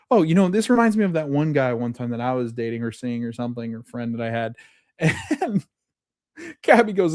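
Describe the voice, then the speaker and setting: A man's voice: mid-range voice, a little mellow, dry recording, studio quality. A man recapping a TV episode on a podcast in casual chat, rambling with many fillers and restarts and laughing often.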